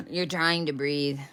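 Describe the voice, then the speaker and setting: A woman's voice: low voice, a bit bright. A woman delivering a rambling spiritual monologue as a self-styled channeler, intense, repetitive and often profane.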